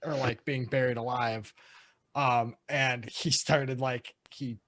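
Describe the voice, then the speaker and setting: A man co-hosting a podcast in casual chat, rambling and halting as he searches for words. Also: mid-range voice, steady tone, fairly bright tone. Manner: rambling, halting with fillers and restarts. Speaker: podcast co-host.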